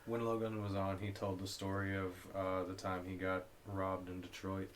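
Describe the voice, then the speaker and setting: A man's voice: deep voice, completely flat delivery, moderate pace, slight background noise. Laid-back man from Alabama. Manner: laid-back storyteller, swears freely. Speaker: podcast co-host. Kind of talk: casual storytelling.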